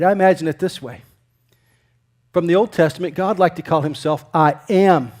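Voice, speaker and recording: High-voiced pastor preaching a conversational sermon. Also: male voice, moderate pace. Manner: conversational preaching, asks the congregation questions; swings between loud emphatic lines and quiet near-whispers.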